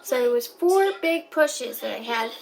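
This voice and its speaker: A woman's voice: on the high side, unhurried, rough recording. A young woman vlogger telling a personal story, talking straight to her viewers in a chatty way. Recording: clear steady background noise.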